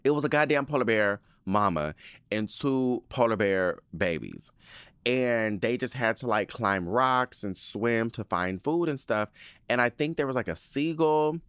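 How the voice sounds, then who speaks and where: Animated, profane man ranting casually. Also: lowish voice, clear, resonant tone, no room sound. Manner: frequent laughter. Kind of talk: casual storytelling monologue.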